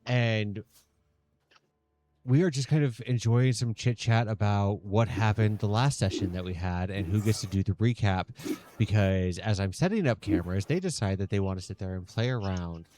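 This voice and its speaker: A man's voice: fairly low pitch, normal speed, a little hiss or hum. A man who hosts as game master, chatting casually and joking with his players. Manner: relaxed, joking, laughs between lines. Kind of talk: casual chat hosting a tabletop game.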